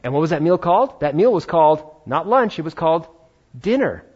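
A man preaching a sermon as pastor, talking in a conversational, animated way with playful asides. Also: a little high, fairly quick, breathy edge. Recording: dull lo-fi sound.

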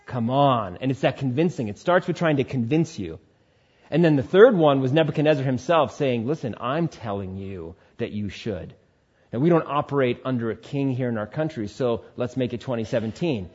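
A man preaching a sermon, switching between animated exhortation and quiet, soothing asides. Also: mid-range voice, brisk, slightly rough, lo-fi sound. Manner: animated preaching, drops to quiet soothing tones when voicing tempters. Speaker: pastor.

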